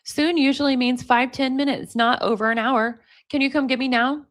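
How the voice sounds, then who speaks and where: A woman reading out the texts of a needy, anxious young woman pleading with her boyfriend, in her own plain, fairly high voice. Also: fairly even intonation, moderate pace, a bit bright. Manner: pleading, repetitive.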